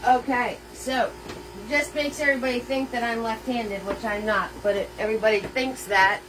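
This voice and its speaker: A woman's voice: fairly high pitch, fairly even intonation, moderate pace, background noise. Bubbly woman teaching a live painting class. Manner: bubbly, greets viewers by name with pet names, laughs often; playful made-up words. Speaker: painting instructor hosting a live paint party. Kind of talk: live-stream painting lesson.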